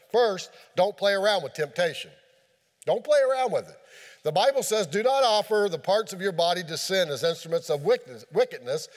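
A man preaching a sermon in a folksy, animated storytelling way, mixing scripture with homely fishing talk and playful sound effects. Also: high-pitched. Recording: long hall reverb.

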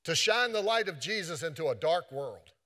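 A man's voice: a little high, big pitch swings, moderate pace, pushed and bright. A man preaching a sermon in an earnest, repetitive way, quoting scripture often.

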